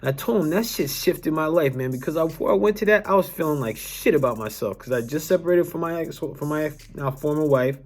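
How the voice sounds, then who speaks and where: A man's voice: fairly high pitch, brisk, few pauses, a little mellow. A young adult man, a wellness coach, telling a personal story to camera in an earnest, emphatic way, restarting sentences and swearing now and then.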